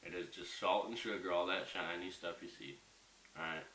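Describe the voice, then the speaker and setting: A man's voice: low voice, steady tone, normal speed, bright, forceful tone. A young man ranting in a casual home vlog, heated and profane, rambling as he goes. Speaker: vlogger. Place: bedroom at home. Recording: echoey room, mic at a distance, faint hiss.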